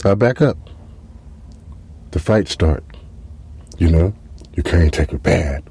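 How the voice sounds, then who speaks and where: A man's voice: low-pitched, expressive, slow, gravelly, dark tone, husky. A man hosting a podcast, telling a comic story in a casual, profane, rambling way with lots of fillers. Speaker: podcast host. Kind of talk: comedic storytelling monologue.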